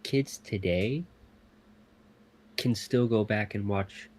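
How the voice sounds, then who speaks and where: A young man co-hosts a casual podcast, speaking in a laid-back way with short, measured remarks. His voice is low and slightly husky. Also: darkish tone. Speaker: podcast co-host. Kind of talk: casual chat.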